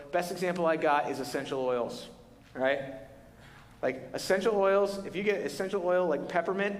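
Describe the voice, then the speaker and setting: A man delivers a sermon as a pastor, and his voice sits a little higher than most. He retells the story with animated, casual paraphrase, slipping into the voices of its characters. The sound carries the long reverb of a large church hall.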